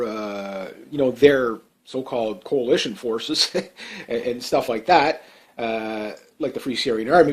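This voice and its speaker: A man giving off-the-cuff political commentary, blunt and emphatic, rambling with many fillers and restarts. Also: medium pitch.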